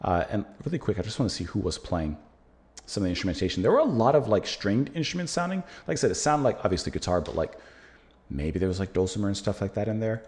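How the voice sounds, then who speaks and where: A man's voice: fairly low pitch, very animated, fast, darkish tone. An American man hosting a music reaction channel, musing aloud in casual talk with plenty of fillers as he reviews a song.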